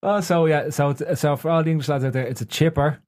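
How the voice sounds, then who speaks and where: A man hosting a casual podcast, reading out listener questions with quick, boisterous energy. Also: fairly high pitch. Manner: quick, boisterous, bursts into laughing shouts. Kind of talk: casual banter.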